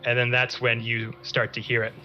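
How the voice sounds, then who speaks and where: Male dungeon master, bright voice, slow drawn-out scene narration, faint music behind. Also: mid-range voice, completely flat delivery, dull audio. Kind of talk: narrating a tabletop game.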